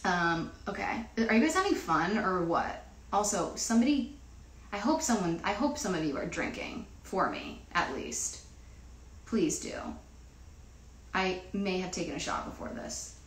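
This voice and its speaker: A woman's voice: on the low side, lively intonation, measured pace, a little hiss or hum. Rambling woman in a roomy space. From New Jersey. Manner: rambling, filler-heavy, swears freely. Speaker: singer. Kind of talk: casual chat on a livestream.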